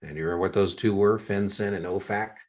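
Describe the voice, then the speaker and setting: A man's voice: lowish voice, fairly even intonation, fast, a little mellow. An older man tutoring one student over a video call for an exam, chatty with joking asides.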